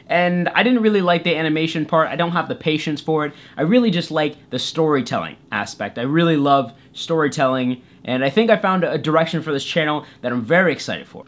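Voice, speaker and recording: A young man telling a comedic story to camera, goofy and self-deprecating, jumping into silly voices for the people in it. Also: fairly high pitch. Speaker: YouTuber storyteller. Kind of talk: comedic story time vlog.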